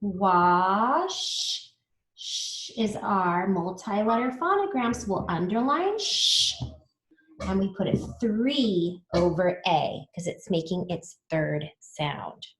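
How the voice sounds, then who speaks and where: A woman leads a children's spelling lesson at an unhurried pace. Her pitch swings lively up and down as she patiently sounds out each letter. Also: roomy sound. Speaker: teacher.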